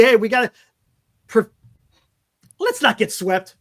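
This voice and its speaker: High, lively-voiced man hosting a fan show. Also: takes it slowly. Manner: frank, rambling, stumbles over player names. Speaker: fan podcast host. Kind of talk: casual postgame fan talk.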